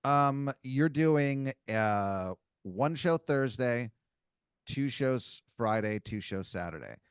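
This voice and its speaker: A man's voice: mid-range voice, animated, slow pace, smooth, no echo, studio quality. A man hosting a comedy podcast who improvises a second-person story, rambling through many fillers. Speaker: podcast host telling an improvised scenario.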